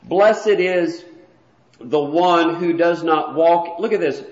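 A man's voice: on the high side, measured pace. A man preaching an explanatory morning lesson in a church hall, walking listeners through a chart in a plain, teacherly way. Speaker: preacher teaching a Bible class. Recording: echoey, dull lo-fi room recording.

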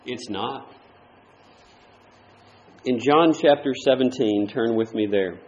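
A man preaching a sermon, moving between loud, emphatic points and quieter asides. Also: mid-range voice, takes it slowly, roomy sound. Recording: dull lo-fi recording.

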